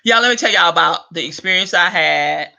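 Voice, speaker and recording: A man's voice: sits high, a little fast, vocal fry, pushed and bright. A man hosting a video rant, profane and exasperated, with chuckles between lines. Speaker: vlog host. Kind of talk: ranting monologue.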